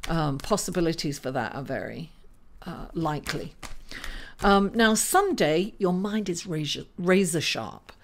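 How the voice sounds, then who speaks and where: Astrologer, woman, casual and halting, slow pace, fond of saying darling. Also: fairly low pitch, animated, a little hiss or hum. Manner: unhurried, halting with many fillers, calls listeners darling. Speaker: astrologer doing tarot readings. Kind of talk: casual horoscope reading.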